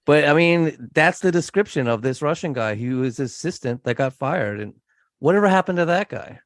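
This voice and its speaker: A man's voice: a little high, animated, moderate pace, no echo, studio quality. A man co-hosting a true crime podcast, chatting casually and joking with his co-host between case details.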